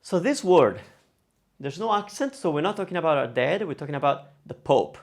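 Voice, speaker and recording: A man teaching pronunciation in a casual video lesson, saying each word slowly and repeating it. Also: a little high, lively intonation. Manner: demonstrates words slowly and repeats them. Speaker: Italian language teacher.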